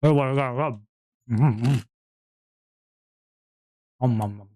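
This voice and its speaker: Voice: mid-range voice, slow, dark tone, no room sound. A streamer in casual stream chat, playful and rambling, with frequent giggles, talking into a home streaming mic.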